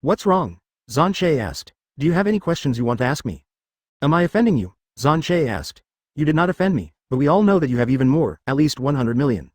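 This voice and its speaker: Fast, lively male story narrator. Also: a little high, no room sound, clean studio sound. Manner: stilted, literal reading with abrupt sound-word interjections.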